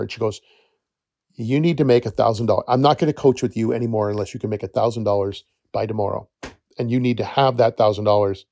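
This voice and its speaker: Middle-aged guy rambling thru a story on his podcast, gravelly voice, super dry close mic. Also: medium pitch, dark tone, no room sound. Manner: rambling, self-correcting, chatty. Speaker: podcast host, forest educator. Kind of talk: casual storytelling monologue.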